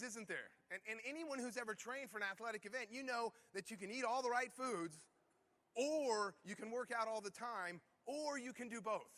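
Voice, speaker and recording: A man's voice: high-pitched, pushed and bright. A man giving a motivational keynote talk to a conference audience, firing off punchy rhetorical questions. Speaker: conference speaker.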